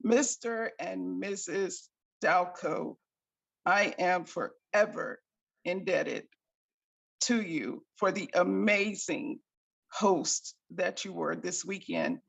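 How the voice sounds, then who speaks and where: A woman's voice: on the low side, expressive, takes it slowly, vocal fry, breathy edge. A woman caller giving a grateful, effusive testimonial on a group call.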